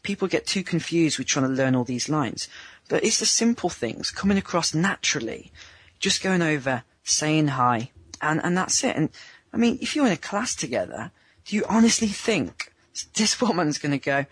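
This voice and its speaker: Husky-voiced man coaching on dating. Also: a little high, very animated, normal speed, fairly bright tone, no room sound. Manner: chatty, acts out little scenes in voices. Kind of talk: remote interview.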